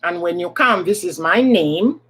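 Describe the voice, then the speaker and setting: A woman with an African accent tells a story from her work in an easy, unhurried way. Her pitch rises and falls a great deal, and she repeats words for emphasis. She sounds like a host chatting on a live stream. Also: expressive, a bit bright, slight background noise, rough recording. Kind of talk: storytelling chat.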